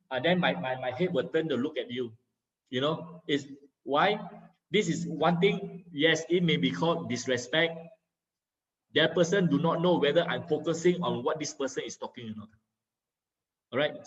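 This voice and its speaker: A man with a slightly raised voice gives an online skills lesson. He talks like a patient teacher, fills pauses with a string of "uh"s and keeps asking "okay?" to check on his listeners. His voice comes through a muffled video-call line. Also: on the high side. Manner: teacherly, many filler "uh"s, checks understanding with "okay?". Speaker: communication skills trainer. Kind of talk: online training lecture.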